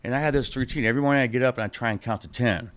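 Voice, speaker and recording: A middle-aged man sharing his personal testimony as a podcast guest, animated and acting out the people he quotes, swinging between loud bursts and hushed asides. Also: mid-range voice, racing. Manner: animated storyteller who acts out the people he quotes.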